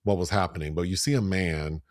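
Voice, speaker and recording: A man co-hosting a podcast, casually retelling a film's plot and mimicking characters in higher voices. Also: brisk, no echo, studio quality. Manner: animated, breaks into high voices when quoting. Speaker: podcast co-host. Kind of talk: casual film review chat.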